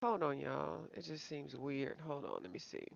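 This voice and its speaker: A woman's voice: deep voice, sing-song, moderate pace, creaky, no echo. A woman hosting a casual live-stream and chatting to viewers. She rambles, calls them y'all and pokes fun at herself. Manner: self-deprecating. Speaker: coloring channel host. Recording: slightly dull, dry home recording.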